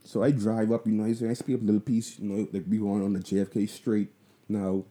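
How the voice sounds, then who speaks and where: Deep, dark-voiced Bahamian man. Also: flat delivery, brisk. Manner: profane, loose and conversational, with lots of asides. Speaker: vlogger. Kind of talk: casual storytelling.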